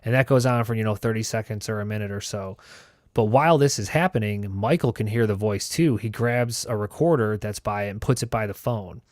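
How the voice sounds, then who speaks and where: A man's voice: on the low side, a little fast, no echo, clean studio sound. A man hosting a show, telling a story in a loose, casual way, swearing and filling his talk with "like" and "you know". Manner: loose and profane, heavy with fillers. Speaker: host.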